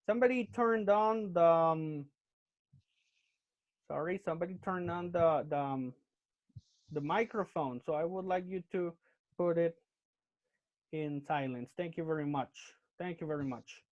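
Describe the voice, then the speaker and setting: A man's voice: a little high, measured pace, pauses often. A man teaching English grammar in an online class, explaining step by step and checking in with "okay?" after each point. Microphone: computer mic on a video call. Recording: muffled lo-fi video call audio.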